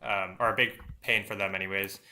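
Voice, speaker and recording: A man's voice: on the low side, steady tone, a little fast, bright, forceful tone. A man commentating a strategy game match, thinking aloud with many fillers and restarts. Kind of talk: esports commentary.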